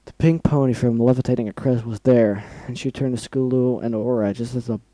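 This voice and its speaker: Dark-voiced man reading a story aloud. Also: medium pitch, steady tone, brisk, no echo, poor audio. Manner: reads aloud, breaks off to react emotionally and swear. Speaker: reader of fan fiction. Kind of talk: dramatic reading with asides.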